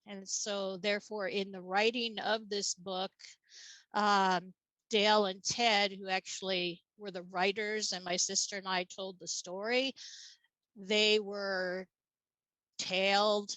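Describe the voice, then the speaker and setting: Female interview guest, matter-of-fact storyteller, medium pitch, dry recording. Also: little pitch movement, takes it slowly, fairly bright tone, no echo, low-quality recording. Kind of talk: casual interview talk.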